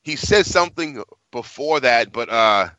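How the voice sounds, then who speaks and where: A man co-hosts a casual podcast, cursing freely and circling back over his words as he tells a story. His voice is bright and forceful, mid-pitched, and recorded dry with no room sound. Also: animated, unhurried, dry recording, muffled recording. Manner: profane, rambling storytelling with repeated words. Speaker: podcast co-host.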